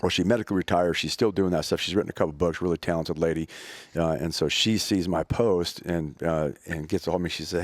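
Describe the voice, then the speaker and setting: A man's voice: low voice, steady tone, fast, dry recording. A middle-aged man and firearms trainer telling a rambling story full of swearing, laughing often as he goes. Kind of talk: casual storytelling chat. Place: event venue interview.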